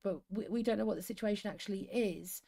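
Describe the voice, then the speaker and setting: A chatty English woman in her fifties co-hosts a casual stream. She rambles, laughs easily and reads stories aloud in her own voice, with a pitch that sits mid-range. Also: quick pace, vocal fry, mellow. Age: 50s. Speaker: co-host reading stories. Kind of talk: casual livestream chat and story reading.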